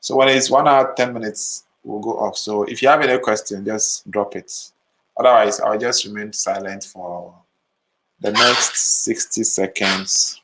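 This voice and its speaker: A man with a fairly low, slightly slow voice hosts a live photo retouching stream, sleepy and yawning as he chats casually with viewers. The recording is low quality, with a little hiss or hum.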